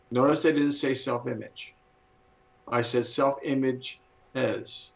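A man in his seventies with a gravelly edge to his voice and a middle-pitched tone. He explains things in an earnest, teacherly manner as a talk-show guest, drawing out key words to stress them. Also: fairly bright tone, rough recording. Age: 70s. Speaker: guest speaker.

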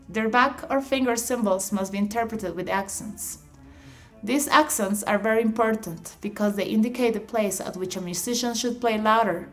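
A woman narrating an instructional audiobook, reading definitions in a measured, explanatory way. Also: mid-range voice. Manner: measured, explanatory reading with slightly awkward phrasing.

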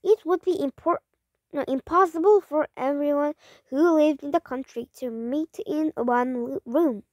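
Female reader, high-pitched, halting delivery with frequent self-corrections, dry close recording. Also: darkish tone, no room sound, lo-fi sound. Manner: halting, rereads and corrects words. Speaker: storybook reader. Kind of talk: reading a children's story aloud.

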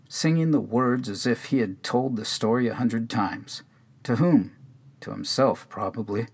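A man reading a narrative poem aloud in a measured, unhurried way. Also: mid-range voice, slightly rough. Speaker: reader. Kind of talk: poetry reading.

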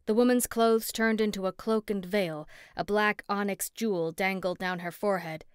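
A woman narrating a first-person story in an expressive, steady audiobook read on a close mic. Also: medium pitch, smooth, dry recording.

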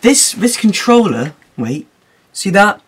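A man's voice: high-pitched, sing-song, takes it slowly, breathy edge. Teen boy, casual vlog chat, rambling, giggly, jokey. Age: teens. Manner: rambling and jokey, laughing at his own remarks. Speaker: YouTuber.

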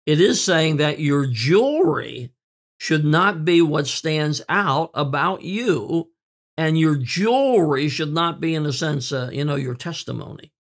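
Earnest preaching man, slightly high voice. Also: animated. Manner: earnest preaching with fillers and repeated words; slows down to stress key words. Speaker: pastor. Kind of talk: sermon.

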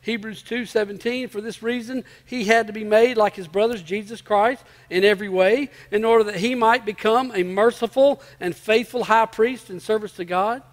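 A man's voice: high-pitched, steady tone, moderate pace, hardly any pauses, in a large hall. A male pastor preaching to his congregation in a church, emphatic, repeating key phrases and asking rhetorical questions. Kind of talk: sermon. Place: church sanctuary before a congregation.

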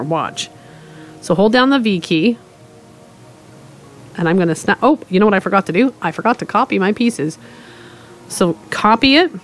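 A woman from Canada hosting a casual screen-recorded game tutorial, chatty and explaining step by step with asides. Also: mid-range voice. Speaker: tutorial host.

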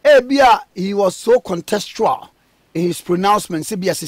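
A man with a Ghanaian accent hosting a radio interview, talking in an animated way and mixing languages. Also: high-pitched, fairly quick, breathy edge, dry recording, studio quality. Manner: animated, switches between languages. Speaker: radio host.

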